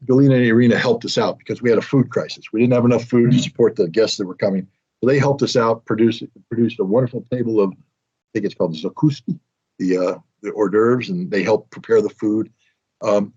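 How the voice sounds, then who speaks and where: A man's voice: fairly low pitch, darkish tone, slightly rough. A middle-aged American man telling a long, self-mocking anecdote in casual interview talk. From United States. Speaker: guest telling a story. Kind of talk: casual storytelling. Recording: dull lo-fi audio.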